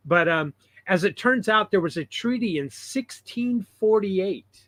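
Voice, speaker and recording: Man, co-host, casual chat, fairly high voice, explanatory, dry recording. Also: animated, slow pace, fairly bright tone, no echo. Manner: explanatory, chatty.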